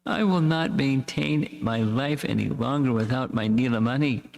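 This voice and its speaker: A man's voice: unhurried, creaky, slight background noise. A man voicing a distraught, pleading mother. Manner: tearful, imploring, pitch lifted when crying out. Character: distraught pleading mother, middle-aged woman. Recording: echoey hall reverb.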